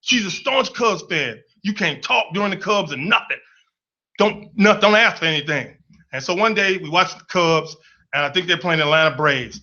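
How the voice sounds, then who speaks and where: A man with a high, bright voice spins a comic story from his own life, playful and animated as he acts out the people in it. The sound is dull and lo-fi. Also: moderate pace.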